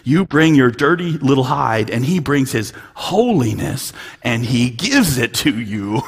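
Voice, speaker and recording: Husky guy preaching, goes from whispering to loud real fast, stumbles and repeats words a lot. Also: mid-range voice, sing-song. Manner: swings from hushed to loud and emphatic, repeats words. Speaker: pastor. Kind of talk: sermon.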